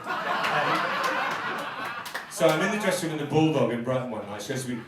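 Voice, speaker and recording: A man's voice: medium pitch, expressive, moderate pace, long pauses, very noisy. A man performing as a drag queen comedian, delivering a camp, bawdy stand-up roast on a live stage. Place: live pub venue stage. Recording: echoey venue, mic at a distance. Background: laughing crowd.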